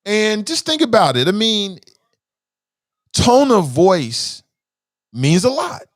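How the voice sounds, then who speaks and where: A man's voice: high voice, big pitch swings, slow pace, no echo, clean studio sound. A man hosting a casual news commentary show, chatting and asking viewers questions.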